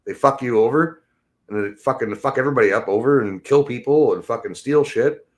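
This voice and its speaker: Sweary, agitated man ranting. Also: a little fast. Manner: swings between low mutters and high exasperation. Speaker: podcast host. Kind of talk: profane solo rant.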